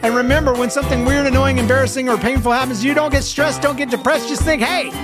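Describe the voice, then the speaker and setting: A man co-hosting a goofy podcast, chatting loosely and slipping into made-up sing-song tunes. Music plays clearly beneath his voice. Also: very high-pitched, steady tone, fast. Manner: playful, slips into sing-song improvised song. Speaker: podcast co-host. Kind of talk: casual comedy podcast chat.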